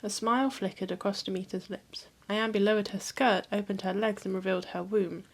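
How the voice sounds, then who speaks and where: Woman, history host, calm storytelling, reading myths aloud, mid pitch. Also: brisk. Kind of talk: reading a mythology book aloud.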